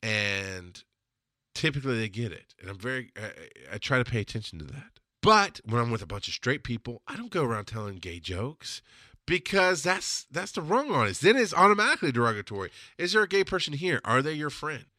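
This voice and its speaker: A man's voice: medium pitch, brisk, dry recording. Blunt, profane man hosting a podcast. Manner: blunt, profane, rambling with restarts and self-interruptions; animated, laughs at own jokes. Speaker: podcast host. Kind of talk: casual podcast monologue.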